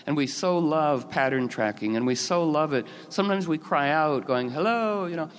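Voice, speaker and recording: A man's voice: fairly high pitch, moderate pace, clear, resonant tone. Man talking in a reverberant hall. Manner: rambling, expressive, with many fillers and restarts. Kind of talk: casual storytelling talk.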